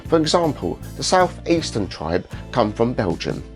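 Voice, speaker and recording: Scornful British man with a lively voice. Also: medium pitch, normal speed, soft background music. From United Kingdom. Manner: blunt and mocking. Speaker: host. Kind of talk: scornful reaction commentary.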